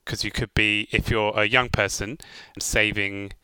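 A man's voice: on the low side, level tone, measured pace, pushed and bright, clear, resonant tone, no room sound, poor audio. A man co-hosting a casual chat, asking questions in a playful way. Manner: playful, asks questions, game-show banter. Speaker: co-host. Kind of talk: casual chat with a quiz segment.

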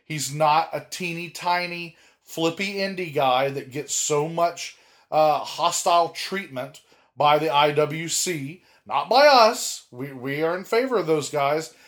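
A man co-hosting a casual wrestling podcast, talking animatedly with emphatic, drawn-out words and frequent restarts. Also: on the high side, fairly bright tone. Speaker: podcast co-host.

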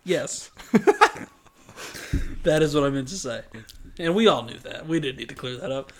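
A man's voice: a little high, animated, normal speed. A young man co-hosting a casual podcast chat, teasing his co-host and laughing often.

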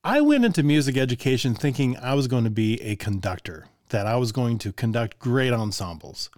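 An older man, a music teacher, telling stories from his classroom in a relaxed, conversational way with frequent chuckles and asides to the listener. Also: medium pitch, a little fast, no room sound, studio quality. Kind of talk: casual storytelling.

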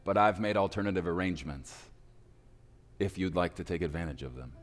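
Brief: preacher as a rich, powerful father, deep, hushed and grave. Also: long reverb tail, faint music behind, natural voice. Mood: somber. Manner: slow, quiet and grave. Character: somber wealthy powerful older father.

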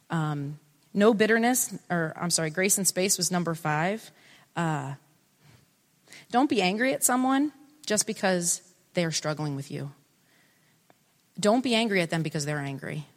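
A middle-aged woman giving an earnest, animated talk, often interrupting herself. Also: fairly low pitch, moderate pace, long pauses, long reverb tail. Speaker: speaker on family relationships. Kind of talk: casual talk.

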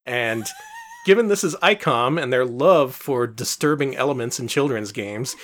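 A man's voice: medium pitch, normal speed, a bit bright. A man co-hosting a casual podcast about retro games, explaining things in a wry, chatty way and laughing often. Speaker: podcast co-host.

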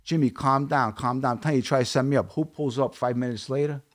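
A man's voice: medium pitch, fairly even intonation, fairly quick. A man from Brooklyn with a Brooklyn accent, a guest telling his story bluntly in a casual interview and quoting dialogue. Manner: blunt, streetwise, quotes dialogue.

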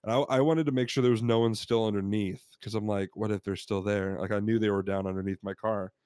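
A man with a fairly low voice tells a rambling personal story in casual podcast chat, slipping into the voices of the people he quotes. The sound is close and dry, with no room around it. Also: steady tone, quick pace, warm tone, smooth, no room sound. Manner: rambling anecdotes with laughs, acts out quotes. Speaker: podcast co-host.

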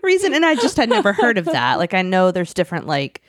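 A woman's voice: medium pitch, wildly swooping pitch, quick pace, no echo, studio quality. A sleep-deprived woman co-hosting a podcast in casual chat, wry and full of fillers. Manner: chatty, filler-heavy, wry. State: short on sleep. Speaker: podcast co-host.

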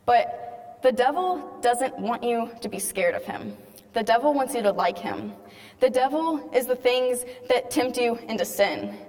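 A woman's voice: on the high side, lively intonation, measured pace, a little mellow. A young woman telling an earnest faith testimony to a live audience, casual in tone with many "like"s. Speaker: speaker giving a faith testimony. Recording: long hall reverb.

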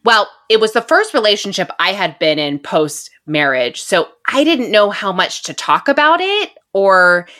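A woman's voice: medium pitch, sing-song, a little slow, few pauses, fairly bright tone. A woman in her thirties on a podcast, telling a dating story in casual chat and laughing often. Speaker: podcast co-host.

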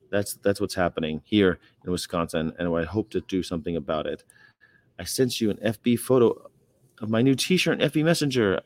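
A man's voice: lowish voice, no room sound. A man hosting a casual livestream, rambling and greeting viewers and reading their comments aloud. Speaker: livestream host.

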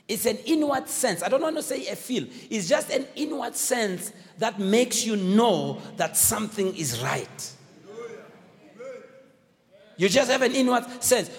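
A man preaches with a high, swooping voice that rises and falls widely as he exhorts his congregation and calls for their replies. His sermon carries the long echo of a church hall. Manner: exhorting, call-and-response with the congregation.

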